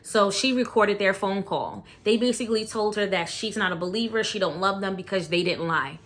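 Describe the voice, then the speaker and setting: A woman's voice: mid-range voice, brisk, fairly bright tone. A woman vlogger talks casually about a documentary she watched. Her delivery is blunt and outspoken, and she peppers it with slang. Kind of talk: casual reaction commentary.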